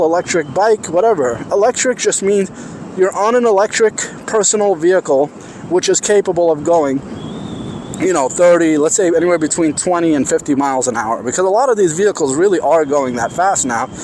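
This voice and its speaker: A man's voice: sits high, a little mellow, a little hiss or hum. Chatty New York man vlogging on the street. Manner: rambling, chatty, thinks aloud with restarts. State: parched, voice getting strained. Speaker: vlogger riding an electric unicycle. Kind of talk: casual vlog talk while riding. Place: outdoors on city streets. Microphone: clip-on mic while riding.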